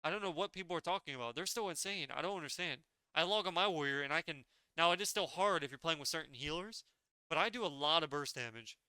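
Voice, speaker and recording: Bright, crisp-voiced young man ranting. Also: on the high side, lively intonation, fast talker, no room sound. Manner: blunt, opinionated ranting. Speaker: gaming video creator. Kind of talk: casual tier-list commentary.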